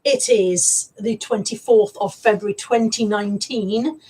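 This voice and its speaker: A woman's voice: mid-range voice, fairly even intonation, measured pace, mellow, husky. A woman hosting a casual live stream from home, greeting viewers by name in a chatty way. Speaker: live stream host, reseller. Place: home room.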